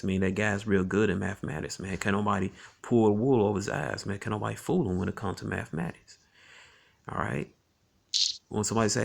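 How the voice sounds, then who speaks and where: Low gravelly man teaching scripture. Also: fairly even intonation. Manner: conversational, tags lines with "man" and "all right"; reads scripture slowly and deliberately. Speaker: Bible teacher.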